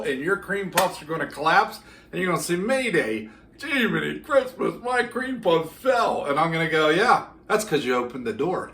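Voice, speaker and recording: A man's voice: a little high, a bit bright, roomy sound, slight background noise. A man demonstrating a recipe in a casual cooking vlog, folksy and joking as he talks straight to his viewers. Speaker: home cooking vlogger. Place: home kitchen.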